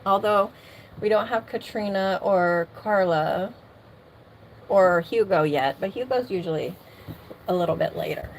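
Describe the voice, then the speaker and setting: A woman's voice: medium pitch, unhurried, long pauses, slight background noise. A middle-aged woman casually chatting on a livestream from her home, laughing often and greeting viewers by name. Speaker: livestream host. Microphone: streaming mic.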